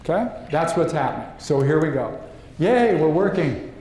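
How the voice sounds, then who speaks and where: A man giving a lively live seminar to an audience, asking the room questions and acting out quotes. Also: fairly high pitch, normal speed. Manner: animated, acts out quotes, asks the room questions. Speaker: leadership trainer. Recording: very echoey room, faint noise.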